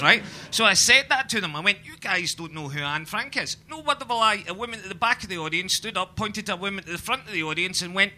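A man's voice: high voice, bright, forceful tone, slight background noise. A Scottish man doing a live stand-up set, telling punchy stories with swearing. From Scotland. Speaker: stand-up comedian. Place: comedy venue with live audience.

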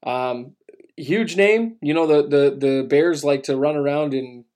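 A man in a relaxed sports chat, his voice sitting a little on the high side. He rambles along loosely, with plenty of filler words and restarts. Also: a little slow. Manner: laid-back, rambling with many fillers and restarts. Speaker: podcast co-host.

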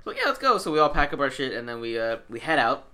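A young man tells a story among friends at a brisk clip. He is animated and swears freely, and he voices what his friends said along the way. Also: mid-range voice. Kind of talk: casual storytelling chat.

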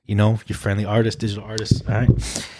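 A man's voice: lowish voice, monotone, fast, warm tone, no room sound. A man hosting a casual podcast, laid-back and profane, often restarting his sentences. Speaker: podcast host.

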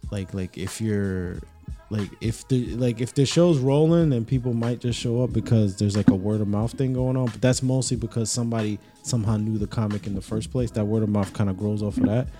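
Rambling young man with a mellow voice. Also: lowish voice, a little fast, soft background music. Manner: rambling, profane, animated. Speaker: podcast co-host. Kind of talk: casual chat.

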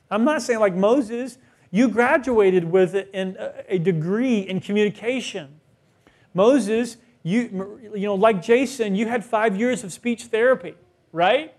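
Man, high voice, pastor, conversational sermon, rhetorical questions. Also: measured pace, darkish tone.

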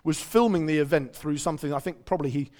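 A man's voice: on the high side, fast talker, a little mellow. A man preaching a conversational sermon, quizzing his audience and telling stories.

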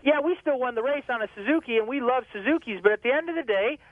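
Phone-in guest: high-pitched man, pushy and repetitive, heard through a tinny line. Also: no echo. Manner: emphatic, repeats phrases, talks fast and loose. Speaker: drag racing guest on phone. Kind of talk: casual radio phone interview.

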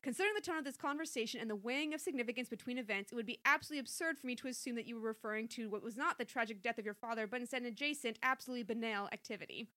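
A woman voicing a fussy, long-winded mother who alternates between over-formal explanations and soft cooing. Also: on the high side, racing, few pauses. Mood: pedantic. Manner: wordy, mock-formal, cooing.

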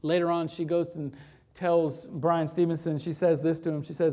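A preacher delivering a sermon, building to intense repeated lines and dropping to quiet, with frequent restarts. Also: mid-range voice, flat delivery, normal speed. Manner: swings from rising intensity to quiet, repetitive cadences.

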